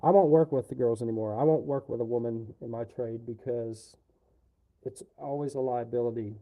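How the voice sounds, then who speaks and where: A man's voice: medium pitch, steady tone, moderate pace, phone-quality sound. A man on a livestream, ranting casually in a rambling, profane way.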